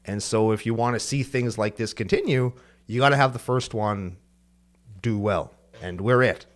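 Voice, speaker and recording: A man's voice: on the low side, moderate pace. A man co-hosting a podcast in casual chat, earnest and a bit rambling. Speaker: podcast co-host.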